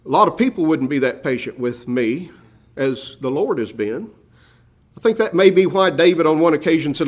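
A man preaching a sermon, addressing his listeners as "my beloved", moving between hushed low phrases and loud rising emphasis. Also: lively intonation, moderate pace.

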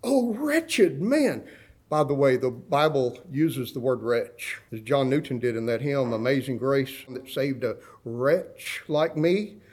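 A man's voice: measured pace, few pauses, a little mellow. A man preaching a sermon, talking straight to his congregation and swinging his voice up and down when he quotes scripture. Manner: dramatic swings in pitch and volume when quoting scripture; conversational, asks the congregation direct questions. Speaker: pastor.

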